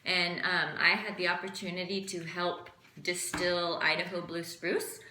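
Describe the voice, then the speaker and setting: A woman teaching an impromptu class in a casual chatty way, full of fillers and quick asides. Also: on the low side, level tone, pushed and bright, roomy sound, slight background noise. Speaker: essential oil class teacher. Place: room with background noise.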